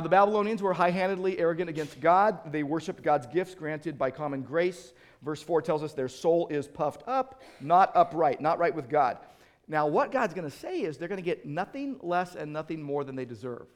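A middle-aged male pastor preaching an animated sermon, acting out quoted voices and often restarting his sentences. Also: a little high.

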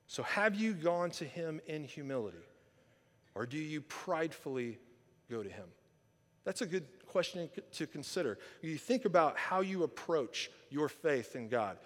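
A man delivers a teaching sermon in a slightly high voice, talking with his listeners more than at them. He swings from loud, emphatic passages to quiet, earnest ones and keeps checking in with rhetorical questions. His words carry a long reverb, as in a large hall. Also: sing-song, moderate pace. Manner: conversational, asks listeners rhetorical questions, repeats "right?". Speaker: pastor.

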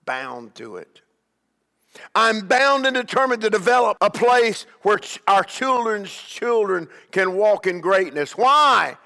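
A man's voice: sits high, big pitch swings, takes it slowly, gravelly, bright, forceful tone, big-room sound. A man preaching as a bishop, emphatic, with call-and-response and repeated questions to the congregation. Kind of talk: sermon.

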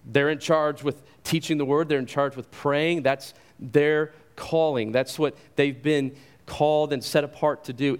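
A man's voice: on the high side, steady tone, unhurried, clear, resonant tone. Emphatic male pastor preaching. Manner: emphatic, rhetorical questions, repeats words when stressing. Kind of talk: sermon.

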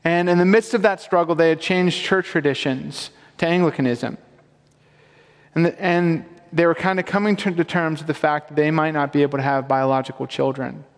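High-voiced earnest preaching man. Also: normal speed, in a large hall. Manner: earnest, emphatic preaching with rising questions. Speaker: pastor. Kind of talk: sermon.

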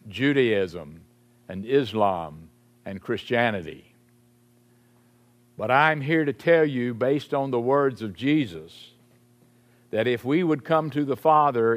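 A man delivers a sermon at an unhurried, measured pace. His voice sits at an ordinary middle pitch and sinks lower and quieter on the phrases he wants to stress. The style is emphatic preaching. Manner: slow, emphatic preaching, dropping low on key phrases. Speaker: pastor.

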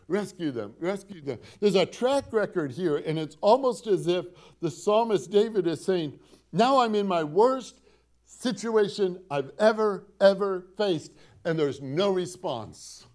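This preacher's voice is high-pitched and darkish, a bit slow, with lively intonation. He quotes scripture with dramatic, rising emphasis, repeating lines and posing rhetorical questions to his congregation.

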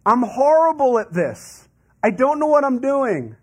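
Whiny, defeated believer who wants to quit, husky voice, as a man puts it on. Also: extremely high pitch, big pitch swings, voice pushed up, exaggerated voice. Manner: complaining, loud and slowed. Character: weary struggling believer, man, ready to quit.

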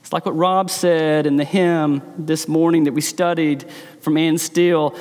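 Earnest preacher in a reverberant hall. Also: male voice, fairly high pitch, steady tone, a little slow, darkish tone. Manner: earnest, emphatic, varies pace for stress. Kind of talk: sermon.

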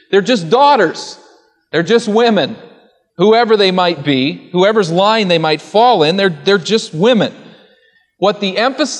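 Man preaching a sermon in a reverberant hall. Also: on the high side. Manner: earnest teaching, rhetorical questions and answers. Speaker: pastor. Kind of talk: expository sermon.

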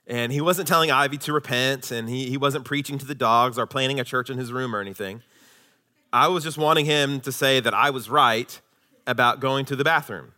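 A man in his thirties, a pastor preaching a sermon with emphatic declarations that drop into quiet intensity. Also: mid-range voice.

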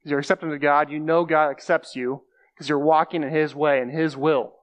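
Slightly high-voiced man preaching casually. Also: level tone, fairly quick. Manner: explains scripture plainly, repeats phrases, uses everyday examples. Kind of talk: conversational sermon.

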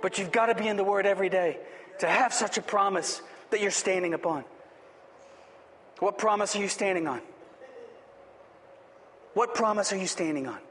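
Male pastor, high voice, emphatic repetitive sermon delivery, long hall reverb. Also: normal speed, long pauses, a bit bright, slight background noise. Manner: emphatic, repetitive preaching with rising exhortations.

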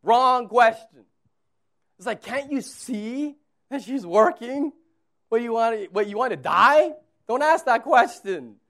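A man in his thirties preaching a sermon as pastor, conversational, moving between quiet asides and loud, emphatic repetition. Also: very high voice, lively intonation, takes it slowly.

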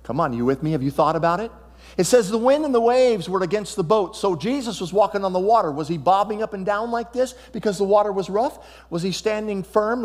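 A man with a high voice preaches a sermon, acting out Bible dialogue and asking his listeners questions along the way. His words ring out with long reverb, as if he were standing in a church sanctuary. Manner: animated preaching, acts out Bible dialogue, asks the crowd questions. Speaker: pastor.

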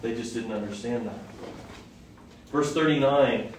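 Preacher in a booming echoey hall. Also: male voice, unhurried. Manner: conversational, asks the audience questions. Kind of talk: sermon, Bible teaching. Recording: echoey hall from far off, faint noise.

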